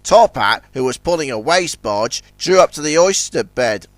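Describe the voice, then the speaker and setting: A man narrating a children's storybook in a scripted, expressive reading. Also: fairly high pitch, moderate pace, no echo.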